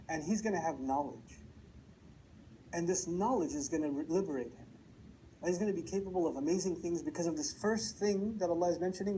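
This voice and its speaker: A man giving a lecture on scripture, telling a story with lively rhetorical questions and acted-out quotes. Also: a little high, slight background noise, rough recording. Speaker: preacher. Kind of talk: Quran commentary lecture. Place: lecture hall.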